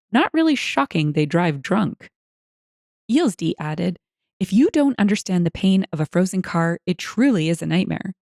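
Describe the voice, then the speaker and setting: A woman reading online stories aloud as scripted narration, expressive and wry, with lively asides. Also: medium pitch, creaky, no echo, studio quality.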